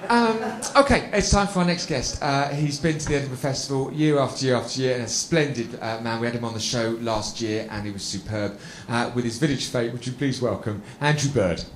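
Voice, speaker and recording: A man's voice: mid-range voice, brisk, hardly any pauses. A man hosting a live chat show, jokey and a little flustered as he introduces the next guest. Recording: echoey venue with music playing.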